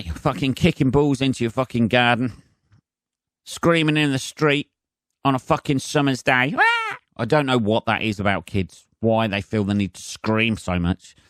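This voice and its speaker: A man's voice: mid-range voice, fairly bright tone, no room sound, studio quality. A man hosting a comedy podcast alone, ranting sarcastically and swearing constantly, slipping into mocking voices. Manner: sweary, sarcastic, mimics voices mid-rant. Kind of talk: solo comedic rant.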